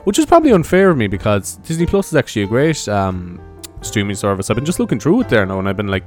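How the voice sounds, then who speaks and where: A man's voice: fairly low pitch, huge pitch swings, quick pace, darkish tone, soft background music. A young man with an Irish accent hosting his own podcast in a casual, rambling monologue, swearing and laughing at his own jokes. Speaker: podcast host.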